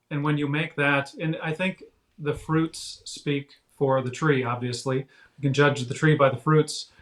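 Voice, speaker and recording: A man speaking as an interview guest in casual chat, halting, with frequent fillers and restarts. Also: medium pitch, a bit bright. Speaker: guest author.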